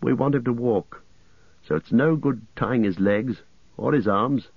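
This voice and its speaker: A man's voice: medium pitch, gravelly, dry recording. A man voicing an earnest young male hobbit who speaks firmly and evenly. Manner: firm and measured. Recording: muffled lo-fi audio.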